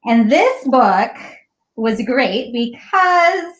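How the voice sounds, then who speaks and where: A woman librarian guest in a casual chat, describing a book with animated storytelling. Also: on the high side, drawn-out words, slight background noise, low-quality recording. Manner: animated storytelling, acts out lines.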